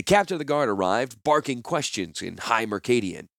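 A man narrating a fantasy novel chapter in an expressive storytelling manner. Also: mid-range voice, moderate pace, vocal fry, no room sound, studio quality. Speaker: audiobook narrator.

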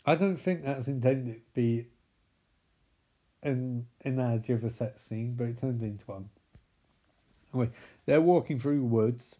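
A man's voice: mid-range voice, normal speed, long pauses, warm tone. A young man recapping a film with sarcastic, rambling, sweary commentary. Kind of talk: comedic movie recap.

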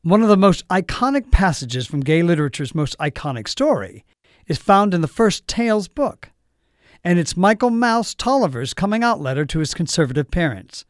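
A man's voice: sits high, very animated, normal speed, dry recording, studio quality. A male presenter giving a scripted introduction in an announcing manner.

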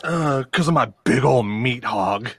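A man's voice: mid-range voice, animated, measured pace, noisy background. A man co-hosting a podcast who teases his friends and laughs at his own crude jokes. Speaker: podcast co-host. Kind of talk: crude casual banter.

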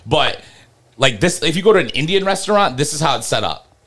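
A man's voice: fairly high pitch, animated, fairly quick, background noise. A man co-hosting a casual podcast, joking and riffing in slangy talk. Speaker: podcast co-host. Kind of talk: casual chat.

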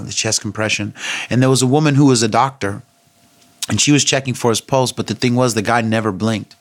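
A man's voice: on the low side, a bit bright, no echo. A middle-aged man vlogging, telling a personal story in a candid, conversational and thoughtful way.

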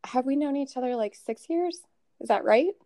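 A woman's voice: high-pitched, normal speed, dry recording, clean studio sound. A woman from Minnesota, a podcast guest in casual chat, teasing the hosts playfully. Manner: lively, teasing, uses y'all.

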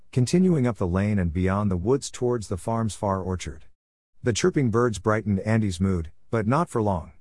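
A man narrating a short story in a steady, even reading voice, in a close, dry recording. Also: lowish voice, no echo.

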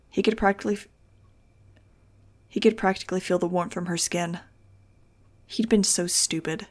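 Gravelly-voiced woman reading a novel. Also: fairly low pitch. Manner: expressive, wry first-person narration. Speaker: audiobook reader.

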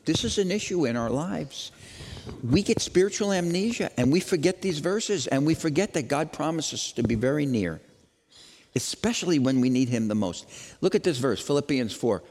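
Man preaching with wide-swinging pitch. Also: animated, moderate pace, in a large hall. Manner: dramatic, swings from loud questions to hushed lines. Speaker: pastor. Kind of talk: Easter sermon.

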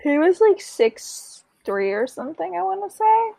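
A woman's voice: extremely high pitch, sing-song, unhurried, gravelly, mellow, no room sound. A woman co-hosting a casual chat, agreeable and filling in details, tired and yawning. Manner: agreeable, fills in show details. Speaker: podcast co-host.

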